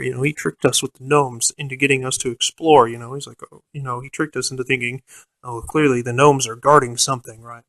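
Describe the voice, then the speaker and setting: A man's voice: medium pitch, a little fast, a bit bright, no echo. Rambling, profane man telling a story. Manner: rambling, profane, many fillers and restarts; quotes the game master in a mocking voice. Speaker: storyteller recounting a tabletop game. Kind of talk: casual anecdote.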